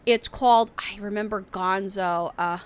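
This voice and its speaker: A woman's voice: mid-range voice, steady tone, moderate pace, slight background noise. A young woman streamer chatting casually on a live stream, rambling with lots of fillers. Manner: rambling, full of fillers and restarts. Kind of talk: casual livestream chat.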